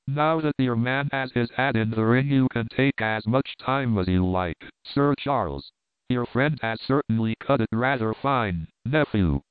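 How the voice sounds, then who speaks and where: A man plays a cool, worldly gentleman, calm and drawling, never hurried. The voice is smooth, carried over a thin, phone-like line with a dry, close sound. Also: medium pitch, dry recording, natural voice. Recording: tinny narrow-band, dry.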